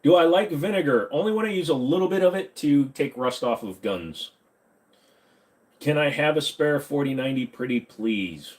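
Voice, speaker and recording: A man's voice: on the high side, expressive, moderate pace. A man hosting a casual live stream from his home computer room at a desk mic, answering viewer questions with jokes. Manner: slips into a bad Southern accent. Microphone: desk microphone.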